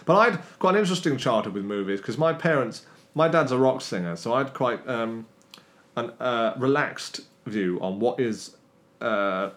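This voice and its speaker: A man co-hosting a casual podcast chat, telling stories in an animated way with quick restarts. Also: medium pitch.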